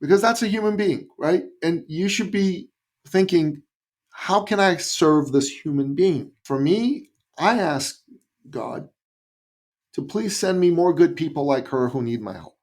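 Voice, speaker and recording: A Canadian man, a business coach, telling an anecdote in a podcast interview with lively emphasis. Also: fairly high pitch, unhurried. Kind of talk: storytelling in an interview.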